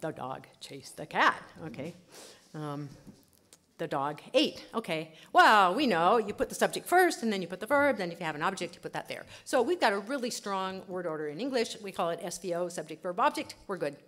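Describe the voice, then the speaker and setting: A woman linguist giving a lively conference lecture, chatty, laughing often and saying "okay" a lot. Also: medium pitch, brisk.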